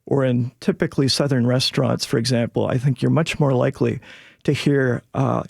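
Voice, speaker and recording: A man with a gravelly, creaky voice, speaking close and dry in a radio studio. He explains things in a measured, lecturing way as an expert guest. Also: mid-range voice, steady tone, a little mellow, no room sound. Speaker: sociolinguist guest. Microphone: studio mic.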